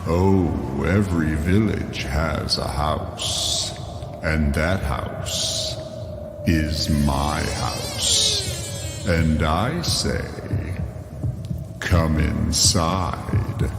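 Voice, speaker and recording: A man voicing the creepy owner of a spooky mansion, telling an ominous Halloween tale in slow scripted narration. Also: rumbling low, huge pitch swings, exaggerated voice. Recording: echoey hall reverb over music.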